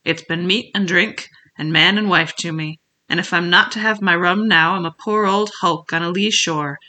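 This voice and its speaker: A reader voicing a sick old male sea captain who craves rum, talking in a weak voice with rough sailor's dialect, by turns pleading and blustering. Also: medium pitch, moderate pace, sharp tone, close to an everyday voice. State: weak, feeble voice. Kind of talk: audiobook character reading.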